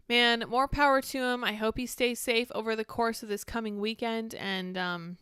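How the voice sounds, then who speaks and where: A woman's voice: medium pitch, a bit bright, clean tone, dry recording, studio quality. A woman hosting casual political commentary, reading news aloud with candid, sarcastic asides. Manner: candid, sarcastic, quick to react and digress.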